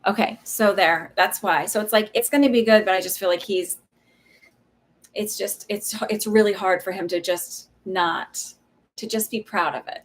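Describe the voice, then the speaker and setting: A woman in her thirties hosts a live psychic reading, answering viewers one question at a time. She talks casually and hesitantly, pausing on fillers, and drops friendly asides to the people watching. Her pitch sits in the middle of the usual range. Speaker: psychic reader on a livestream.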